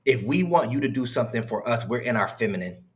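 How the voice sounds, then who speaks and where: A man's voice: mid-range voice, lively intonation, quick pace. Guy ranting over a clip, mocking, swearing, disbelieving. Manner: mocking, incredulous, heated and profane. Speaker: commentary host reacting to clips. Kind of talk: profane reaction commentary.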